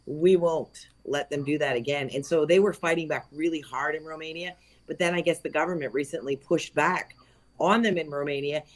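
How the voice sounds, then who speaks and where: Chatty woman. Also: low-pitched. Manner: chatty, laughs often, trails off mid-sentence. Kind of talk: casual panel chat.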